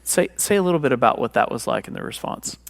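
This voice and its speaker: Gravelly-voiced male moderator. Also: mid-range voice, expressive. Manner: halting, many fillers. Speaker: forum moderator. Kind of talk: moderating a church discussion.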